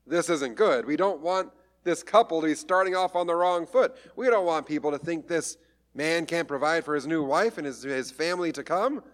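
Brief: male pastor, slightly high voice, casual storytelling sermon with light humor. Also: lively intonation, moderate pace.

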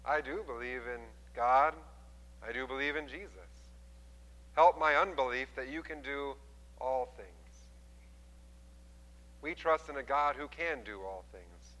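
A man preaching a sermon, retelling a scripture story with lively voices for the people in it. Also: medium pitch, measured pace, long pauses, big-room sound, rough recording. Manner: animated storytelling, acting out quoted voices. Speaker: pastor.

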